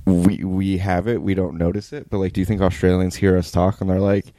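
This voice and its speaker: A man's voice: deep voice, flat delivery, fairly quick, warm tone, no echo, studio quality. A man joking casually with a friend while watching a film at home. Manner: joking, wry, chatty. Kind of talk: casual watch-along chat. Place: apartment in Brooklyn.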